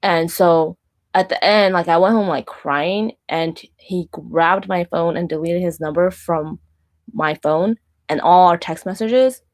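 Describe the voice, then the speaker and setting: Woman in her 30s rambling thru a personal story, lots of "like", kinda low voice. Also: measured pace. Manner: rambling, filler-heavy with frequent "like" and restarts. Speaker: Christian minister and vlogger.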